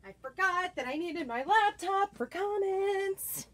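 Breathless high-pitched lady livestreaming, chatty, talks slow and drawn out. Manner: chatty, excitable, greets viewers by name. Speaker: craft vlogger hosting a livestream. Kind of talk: casual livestream chat.

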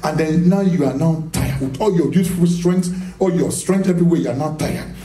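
A man's voice: on the high side, moderate pace, warm tone. A man preaching a charismatic sermon, emphatic and repetitive, asking the congregation questions and laughing as he speaks. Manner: emphatic, repeats phrases, rhetorical questions to the audience; laughs often while preaching. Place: church hall. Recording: echoey hall, mic from a distance.

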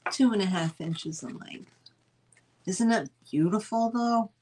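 A woman's voice: mid-range voice, measured pace, a little mellow, slight background noise. A woman, hosting a live sale stream and chatting in a rambling, casual way with lots of fillers.

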